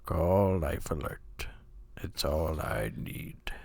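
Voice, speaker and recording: A man putting on a parody of a famous elderly film narrator, in a low, slow, whispery drawl that rambles without sense. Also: lively intonation, creaky, a little mellow, breathy edge, dry recording, exaggerated voice. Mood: mock solemn.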